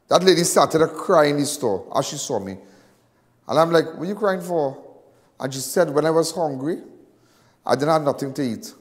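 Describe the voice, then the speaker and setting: A middle-aged man with a Trinidadian accent, hosting and speaking to viewers in an impassioned monologue, repeating himself and swinging between loud and hushed. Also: on the high side, long reverb tail. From Trinidad and Tobago. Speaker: host.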